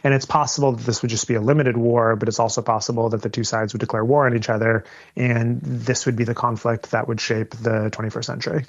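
A man answering radio interview questions as an analyst, measured and often repeating words as he thinks. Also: mid-range voice, flat delivery, no room sound, highs cut off. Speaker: guest analyst.

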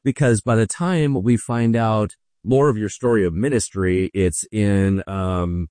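A man's voice: lowish voice, unhurried, a little mellow, no room sound, clean studio sound. A man, a pastor, hosting a faith program and encouraging his guest with affirming questions. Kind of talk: interview hosting.

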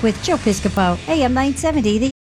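A woman giving a radio traffic report in a brisk, matter-of-fact way. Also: mid-range voice, over music.

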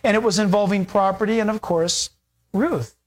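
A preacher telling a Bible story during a sermon in a casual, animated way, full of fillers like "you know" and "uh". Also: medium pitch, moderate pace.

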